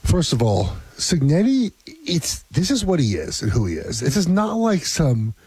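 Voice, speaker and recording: A man's voice: a little high, wildly swooping pitch, moderate pace, a little mellow, slightly rough, no room sound. Sarcastic male sports radio co-host. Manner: sarcastic, mock-mournful. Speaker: radio co-host, former football player.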